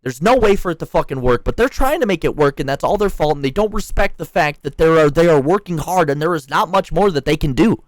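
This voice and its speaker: A man's voice: fairly high pitch, expressive, fast, hardly any pauses, dry recording. A young man worker ranting heatedly about management, swearing often and turning sarcastic. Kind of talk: angry ranting monologue.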